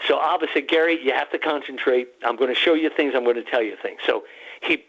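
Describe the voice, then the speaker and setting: A man telling an excited, rambling story on a radio talk show, restarting often and quoting himself and others. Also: mid-range voice, fast talker, creaky, husky. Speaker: guest researcher. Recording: muffled phone-line call-in.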